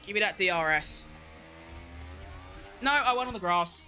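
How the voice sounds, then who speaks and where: A young man giving excitable live commentary on his own racing game, talking to himself and chanting while he drives. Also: high voice, moderate pace, faint music behind. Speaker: gaming streamer.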